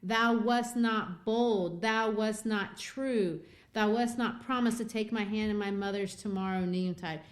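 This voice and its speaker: A woman's voice: extremely high pitch, lively intonation, normal speed, hardly any pauses, voice pushed up. A woman voicing a bold little girl who taunts and accuses a minister in old-fashioned speech. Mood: accusing.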